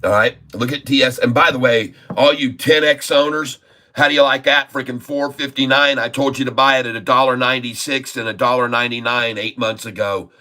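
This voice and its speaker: A man's voice: medium pitch, steady tone, fairly quick, sharp tone. A man hosting a stock trading livestream, talking emphatically, repeating his points and calling the audience "folks.". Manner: emphatic, repeats himself, keeps addressing "folks". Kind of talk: casual market commentary.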